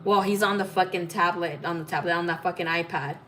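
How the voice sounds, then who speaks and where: A woman's voice: fairly low pitch, fairly even intonation, fairly quick, fairly bright tone. A woman who reads tarot as a psychic, telling a personal story in a casual, blunt way, swearing freely and using many fillers. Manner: blunt, profane, full of fillers.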